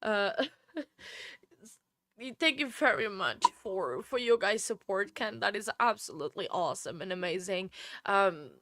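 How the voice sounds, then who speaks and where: A woman's voice: medium pitch, expressive, a little slow, sharp tone. A woman hosting a casual livestream, tearful and gushing as she thanks viewers with frequent laughter. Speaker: livestream host.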